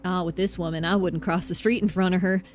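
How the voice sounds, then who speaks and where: A woman's voice: lowish voice, steady tone, quick pace, darkish tone, natural voice. A woman voicing a shifty drunk townsman in a put-on Southern accent, reading his lines with a drawl while game music plays. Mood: wheedling. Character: shifty drunk male townsman begging for liquor.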